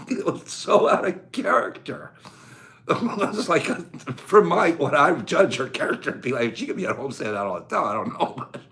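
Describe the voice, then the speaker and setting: A man's voice: fairly high pitch, gravelly, sharp tone. A man hosting a casual talk show, telling a funny story in a rambling way and laughing as he goes. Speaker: host.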